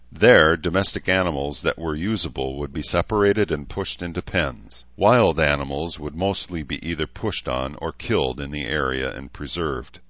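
A man reading a novel aloud as narrator in a steady, even manner. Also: very deep voice, no room sound, highs cut off. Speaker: audiobook narrator. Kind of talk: scripted narration.

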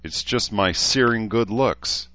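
A man's voice: fairly low pitch, slow, sharp tone, no room sound, muffled recording, pitched above the performer's own voice. A man voicing a young man who jokes about himself with dry asides. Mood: joking. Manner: joking, dry self-mocking asides. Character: young man, wry self-deprecating joker.

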